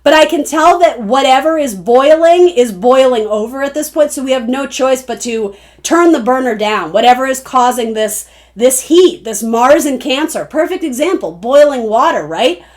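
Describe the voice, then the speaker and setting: Chatty, rambling higher-voiced woman tarot reader. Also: animated, moderate pace, hardly any pauses. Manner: rambling, chatty, self-interrupting. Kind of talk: casual spoken tarot reading.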